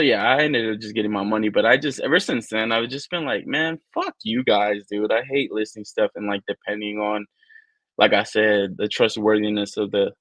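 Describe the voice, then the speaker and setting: A man's voice: lowish voice, no room sound. A man co-hosting a toy-collecting live stream, talking in a rambling, profane, casual way and acting out the people he quotes. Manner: profane, rambling, animated storyteller who acts out quotes. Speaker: podcast co-host.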